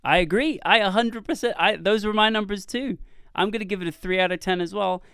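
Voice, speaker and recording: A man with a somewhat high, smooth and clear voice, co-hosting a casual movie podcast. He recounts scenes in an animated way. The sound is close and dry. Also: fairly quick, no room sound. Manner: animated storytelling, laughs often. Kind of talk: casual chat.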